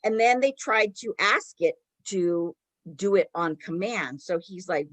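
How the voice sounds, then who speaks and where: A woman co-hosting a podcast, retelling a story in a casual, animated way with lots of "like". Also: lowish voice, moderate pace, dry recording. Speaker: podcast co-host.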